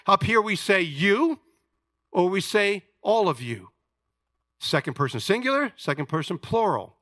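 Male pastor, high bright voice, dry close sound, animated sermon with playful asides. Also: no echo. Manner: animated preaching with asides to the congregation.

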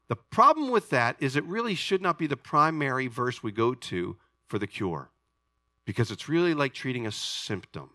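Animated, bright-voiced man preaching. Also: medium pitch, normal speed, dry recording. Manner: animated preaching, calls to the congregation. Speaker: pastor. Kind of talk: sermon. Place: church sanctuary.

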